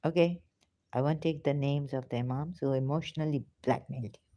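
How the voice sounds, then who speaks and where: A deep, warm voice moves fairly quickly as this former-religious vlogger gives her viewers an emotional, passionate plea, occasionally dropping to a whisper. The impassioned spoken monologue is recorded with no room sound.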